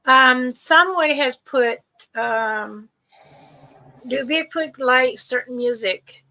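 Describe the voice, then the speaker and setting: A woman's voice: high-pitched, slow pace, bright, forceful tone, poor audio. An older woman hosting a casual livestream, reading viewer questions aloud. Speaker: host.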